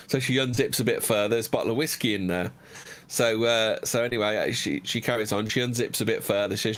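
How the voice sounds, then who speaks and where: A man's voice: on the low side, fairly even intonation, fairly quick. Man telling crude jokes. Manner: offhand, stumbling joke delivery. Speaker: podcast host. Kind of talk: crude joke-telling banter.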